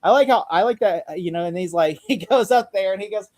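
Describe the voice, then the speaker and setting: A man hosting a laid-back TV recap, with a voice sitting a little high for a man. He keeps slipping into quick character voices as he retells scenes. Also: darkish tone. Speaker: podcast host. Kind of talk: casual TV recap chat.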